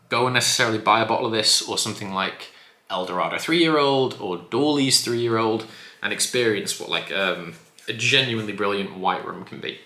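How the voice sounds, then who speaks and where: In a casual review vlog recorded in an echoey room, a man enthusiastically chats about a spirit, often correcting himself. His lowish voice sounds pushed and bright.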